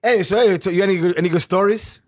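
A man's voice: high voice, fast. A young man co-hosting a casual podcast chat, teasing his partner and launching into profane sports rants. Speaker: podcast co-host.

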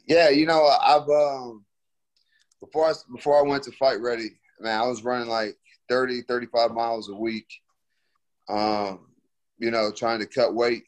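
A man's voice: medium pitch, level tone, normal speed. A young man, a fighter, answering interview questions in a laid-back, slangy way full of fillers.

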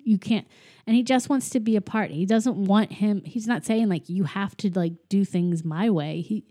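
A woman with a mellow, rounded voice recaps a film in easy conversation. She acts out each character's quotes as she goes, and her talk is full of filler "likes.". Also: medium pitch, moderate pace. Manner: animated retelling, acts out quoted lines, frequent "like". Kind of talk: casual movie recap chat.

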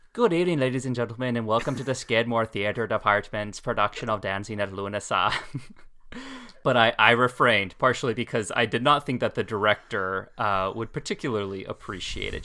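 Bright-voiced rambling podcast man. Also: fairly low pitch, clean tone. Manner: rambling, laughs often, many fillers. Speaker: podcast co-host. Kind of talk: casual podcast chat.

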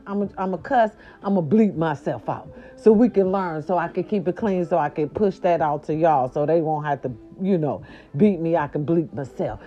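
A woman vlogger over forty-five gives a casual morning recap monologue that's sassy and profane, growling and playfully bleeping herself. Her voice is medium-pitched and the audio sounds dull.

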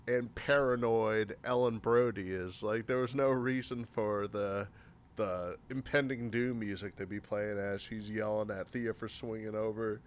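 A man talking through a countdown of film complaints in a loose, rambling way. His voice sits at an ordinary middle pitch and he often sounds exasperated. He keeps stopping to repeat himself and piles on filler words. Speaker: movie reviewer. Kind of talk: casual list-style movie critique.

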